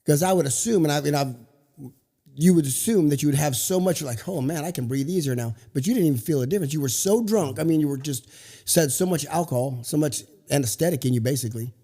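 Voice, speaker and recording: Fast-talking podcast host guy, mellow dark voice, echoey room, keeps jumping in with questions. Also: on the high side. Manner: quick prompting questions, jumps in to steer the story. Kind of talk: interviewing, casual chat. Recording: reverberant room.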